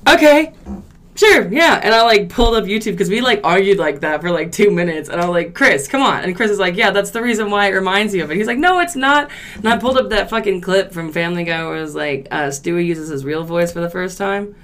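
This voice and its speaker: A woman's voice: fairly low pitch, quick pace, hardly any pauses. A young woman co-hosting a podcast, chatting casually and swearing freely as she tells stories. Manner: animated storytelling, swears freely, laughs often. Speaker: podcast co-host.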